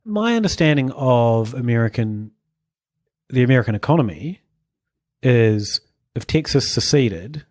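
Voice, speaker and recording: A man co-hosting a podcast in casual chat, rambling with quick chuckling asides. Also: medium pitch, very animated, darkish tone, dry recording, studio quality. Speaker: podcast co-host.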